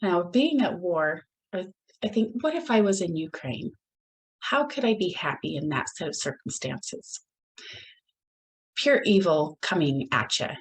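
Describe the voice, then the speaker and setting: A woman hosting her own podcast, talking in an earnest, reflective way with pauses and restarts. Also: lowish voice, sing-song, rough recording. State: gets emotional at moments. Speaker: podcast host. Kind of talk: solo podcast talk.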